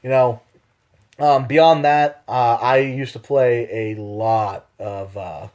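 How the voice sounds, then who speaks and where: A man's voice: medium pitch, slow. Profane, joking man chatting on a podcast. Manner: profane, joking, animated storytelling. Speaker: podcast co-host. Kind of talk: casual chat.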